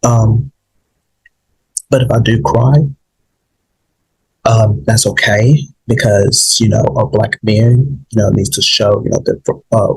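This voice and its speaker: A man hosting his own podcast, rambling and halting with many fillers and restarts, emotional and holding back tears. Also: on the low side, steady tone, darkish tone, husky, rough recording. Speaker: podcast host. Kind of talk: emotional solo podcast monologue.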